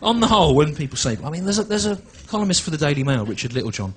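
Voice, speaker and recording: A man, doing a stand-up routine in a halting, deadpan way with restarts and asides. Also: fairly high pitch, a little hiss or hum, poor audio. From England. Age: 40s. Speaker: stand-up comedian. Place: comedy venue with a live audience.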